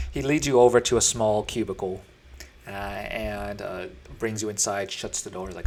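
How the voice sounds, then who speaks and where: A man's voice: on the low side, fairly even intonation, normal speed, darkish tone. A man narrating as dungeon master in a tabletop game, talking casually with fillers and restarts.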